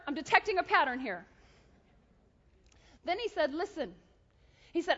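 A woman preaching a sermon, telling a story and acting out dialogue with lively energy. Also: sits high, brisk, pauses often. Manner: animated, acts out dialogue with God. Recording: dull sound in a large reverberant hall.

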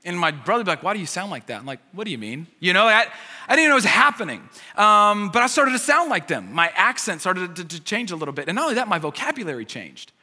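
A man's voice: high voice, big pitch swings, quick pace, pushed and bright, big-room sound. An American man preaching a sermon as a pastor, conversational and repeating his key phrases, with self-deprecating humor.

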